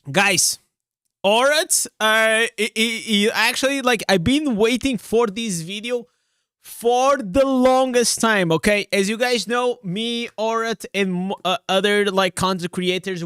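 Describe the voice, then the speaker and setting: Hyped high-pitched male game streamer. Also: pushed and bright, smooth, no echo, clean studio sound. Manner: hyped and rambling, full of filler and slang. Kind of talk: excited live-stream reaction.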